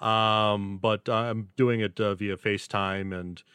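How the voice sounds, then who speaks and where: A man's voice: on the low side, fairly even intonation, slow, bright, forceful tone, clear, resonant tone, dry recording, studio quality. A man hosting a casual podcast chat, joking and rambling with self-mocking asides. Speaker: podcast host.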